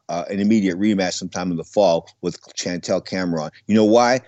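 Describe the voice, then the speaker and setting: A man's voice: lowish voice, darkish tone, no room sound. Older guy rambling about boxing, repeats himself a lot, muffled lo-fi audio. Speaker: boxing commentator and former fighter. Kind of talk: casual monologue. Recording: dull lo-fi audio.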